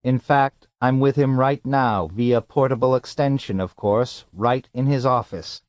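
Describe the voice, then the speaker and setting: Male reader playing a tinny robot psychiatrist in a suitcase, prim and touchy, higher than his narrating voice, very dry sound. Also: measured pace, no room sound, lightly acted. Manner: prim, fussy, huffy.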